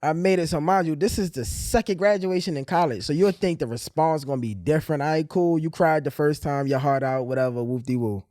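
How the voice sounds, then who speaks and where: A man hosting a podcast, telling stories in a loose, animated way. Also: a little high, a little fast, hardly any pauses, dry recording. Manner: storytelling, animated retelling. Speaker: podcast host. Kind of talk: casual podcast chat.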